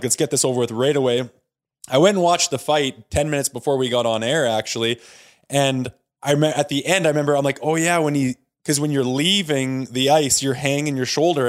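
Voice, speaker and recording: A male co-host talks in a frank, casual way, swearing easily as he goes. His voice sits at an ordinary mid pitch. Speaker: podcast co-host, former pro hockey player. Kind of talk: casual chat.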